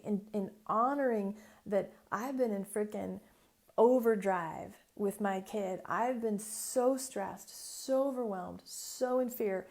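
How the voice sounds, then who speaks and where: A woman hosting a casual solo podcast, chatty and animated as she tells a client story. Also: medium pitch, gravelly. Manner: chatty and animated, acts out voices in quotes. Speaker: business mentor and podcast host.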